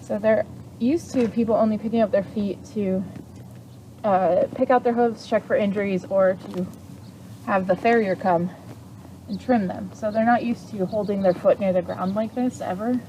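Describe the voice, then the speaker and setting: Young woman, chatty instructor at the barn, easy middle pitch, faint ambience. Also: fairly even intonation, normal speed, a little hiss or hum, low-quality recording. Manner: chatty, explains freely, coos softly to the horse. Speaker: equine exercise instructor. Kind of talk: casual instructional talk while working a horse. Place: at a horse barn or paddock.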